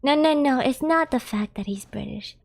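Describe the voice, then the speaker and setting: Streaming a game, a young American woman chats in a giggly, talkative way and laughs a lot. Her voice is high and gravelly, at a normal speed.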